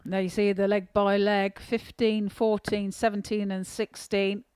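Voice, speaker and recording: A woman's voice: mid-range voice, flat delivery, a little slow, darkish tone, clear, resonant tone, dry recording. A woman co-commentating on darts with friendly, teasing analysis of each leg. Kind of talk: sports commentary.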